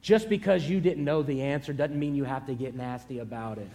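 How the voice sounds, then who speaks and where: A proud, self-assured male lion, the king of the jungle, talks low and quietly with a smug calm, as a preacher puts him on. He sounds unbothered by everything around him, in a storytold sermon. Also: brisk, noisy background, lightly acted.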